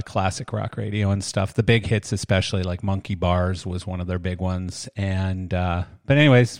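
Older guy hosting a podcast, lowish voice, rambly and joking at himself, dry sound. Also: a little mellow, no room sound. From Canada. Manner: rambling, self-deprecating, chatty. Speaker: podcast host. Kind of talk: casual podcast chat.

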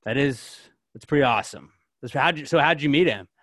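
A young man chats loosely as a podcast co-host, piling on filler words and restarts. His voice sits at an ordinary pitch and is recorded dry and close, with no room sound. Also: lively intonation, fairly quick, fairly bright tone, no echo. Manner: rambling, filler-heavy, lots of "like". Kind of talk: casual chat.

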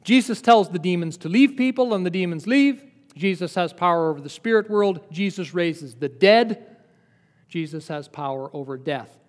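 High-voiced preacher in a reverberant hall. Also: male voice, moderate pace. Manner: lively, conversational teaching with rhetorical questions. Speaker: pastor. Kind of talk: sermon.

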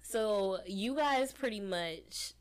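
A woman's voice: mid-range voice, lively intonation, slow. A woman co-hosting a casual podcast, explaining her views in long, earnest run-on talk. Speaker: podcast co-host.

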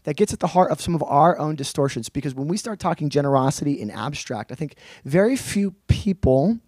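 A male preacher teaching through a Bible passage in a relaxed, conversational sermon, explaining with slangy asides. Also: a little high, brisk, dry recording.

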